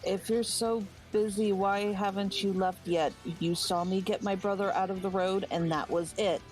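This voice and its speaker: Composed, measured woman player. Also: mid-range voice, steady tone, darkish tone, soft background music, low-quality recording. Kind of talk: in-character play.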